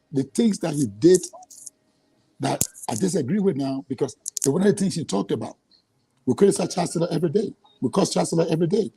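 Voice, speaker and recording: This interview guest is a man with a Liberian English accent whose slightly high voice is mellow and a bit rough. Frustration makes him angry and repetitive, with stammering restarts. The recording is rough, though it has no echo.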